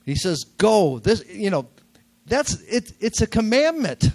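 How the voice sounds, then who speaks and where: An older man delivers a sermon in a nasal, slightly high voice. He keeps it conversational, with jokes, and hammers key words through repetition. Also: very animated, measured pace. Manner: conversational, jokey, repeats key words for emphasis. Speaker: preacher. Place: church sanctuary.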